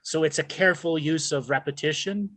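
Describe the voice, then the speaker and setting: A man's voice: on the high side, fairly quick, a bit bright, dry recording. A man co-hosting a casual comedy chat, upbeat as he wraps up the show. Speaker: co-host.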